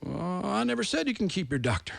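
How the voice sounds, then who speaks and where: A man's voice: high voice, very animated, fast talker, vocal fry, fairly bright tone, dry recording, full character voice. A man doing a brief impression of a male politician denying what he said, with a dismissive tone.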